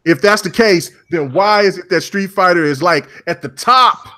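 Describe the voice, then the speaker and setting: A man hosting a casual gaming podcast panel, loud and joking, with swearing. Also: high-pitched, normal speed. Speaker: podcast host.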